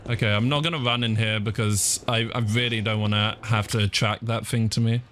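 A man giving let's play commentary on a horror game, panicky, his pitch jumping high when scared, often saying "fudge" in place of swearing. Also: steady tone, a little fast, fairly bright tone, a little hiss or hum. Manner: swaps swear words for "fudge". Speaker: gaming YouTuber.

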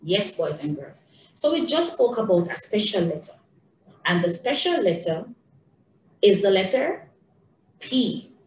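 A woman teaching young children, speaking in a slow, singsong, encouraging way, recorded a bit away from the mic in an echoey room with faint background noise. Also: mid-range voice, very animated, distant mic.

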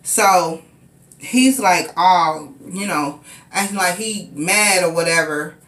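A woman's voice: fairly low pitch, slow, a bit bright, roomy sound. A woman telling a personal story in a casual, rambling way, repeating herself and using many fillers.

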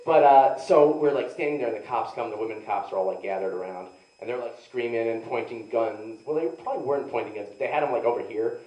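A man's voice: mid-range voice, fast talker, hardly any pauses, mellow, muffled recording. A young man doing rambling, self-mocking stand-up storytelling, filled with "like" and asides to the audience. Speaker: stand-up comedian. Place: live comedy venue. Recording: echoey room, mic heard from a distance.

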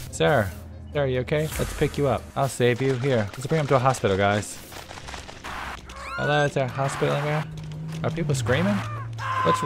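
A man's voice: mid-range voice, creaky. A man commentating a video game, talking animatedly to his viewers and laughing often. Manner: animated, talks to viewers, frequent laughing exclamations. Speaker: gameplay commentator. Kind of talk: let's play commentary. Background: game music.

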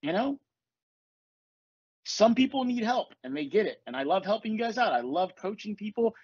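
A man's voice: sits high, very animated, normal speed, darkish tone, breathy edge, no echo, lo-fi sound. A man hosting a podcast, talking casually and bluntly with lots of swearing, as a life coach. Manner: blunt, profane, confessional. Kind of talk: casual chat.

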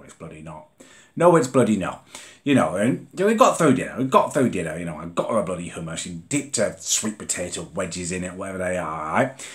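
Man from England, low voice, indignant ranting vlogger, young adult. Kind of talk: comedic rant vlog.

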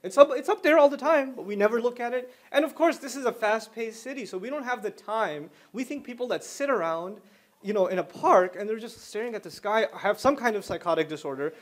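A man's voice: very high voice, fairly quick. A man giving a religious lecture, explaining ideas through repeated everyday examples, joking and acting out what people say. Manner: animated, joking, acts out quoted speech. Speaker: Islamic lecturer.

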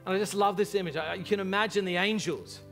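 A man preaching a sermon as pastor to a large church congregation, impassioned and animated in his storytelling. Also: high-pitched, fast, creaky, faint music behind.

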